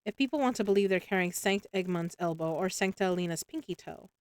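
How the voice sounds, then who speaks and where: A quick-witted young woman full of playful teasing, read by a woman in her own voice. Her speech sits at an ordinary pitch with a dry, close sound. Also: no echo, lightly acted.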